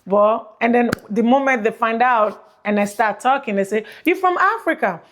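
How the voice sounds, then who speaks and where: A woman's voice: a little high, fairly even intonation, normal speed. Chatty Nigerian-accented woman vlogging. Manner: chatty, rambling, repeats herself. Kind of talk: casual vlog chat. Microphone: plug-in mic on phone.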